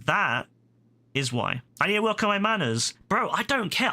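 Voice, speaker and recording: A man's voice: high voice, animated, moderate pace, pushed and bright. Heated British man ranting. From Britain. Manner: heated, profane and repetitive. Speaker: gaming livestreamer. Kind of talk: angry rant at a chat viewer.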